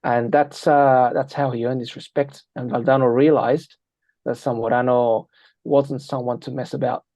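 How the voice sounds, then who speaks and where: A man on an interview, a football analyst, telling lively anecdotes and acting out quoted lines. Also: mid-range voice, normal speed, no room sound. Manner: energetic, tells anecdotes with quoted dialogue. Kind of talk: animated storytelling interview.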